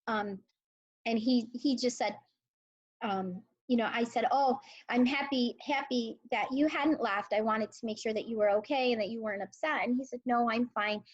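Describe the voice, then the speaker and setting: A woman in her forties, a high school English teacher, telling stories earnestly and emotionally in an interview, with many fillers. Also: highs cut off. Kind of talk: conversational interview.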